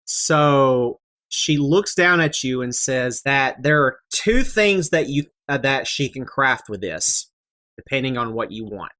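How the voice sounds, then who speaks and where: Slow, low-voiced woman running a tabletop game. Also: expressive, a bit bright. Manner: halting, with many fillers. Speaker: game master.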